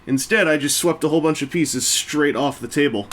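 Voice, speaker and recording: A man's voice: a little high, fairly quick, a little hiss or hum. A man casually chatting while he builds a brick set, rambling along with self-mocking jokes and asides. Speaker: toy-building video host. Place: indoors at a table.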